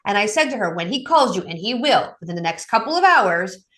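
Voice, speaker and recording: A woman, a guest addiction coach, telling stories in a casual interview and acting out the people she quotes. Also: fairly quick. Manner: lively, acts out quotes with raised pitch. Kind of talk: animated storytelling in casual interview.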